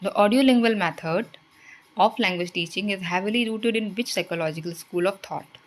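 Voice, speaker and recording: Brief: female exam-prep tutor, steady mid-pitched voice, reads questions then explains the answers. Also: brisk, rough recording. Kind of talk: reading quiz questions and answers.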